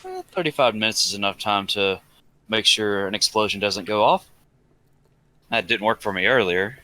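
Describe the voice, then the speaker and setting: A man's voice: fairly low pitch, lively intonation, moderate pace, bright, forceful tone, poor audio. A man playing a tabletop role-playing game over a call, narrating his character's choices. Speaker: player.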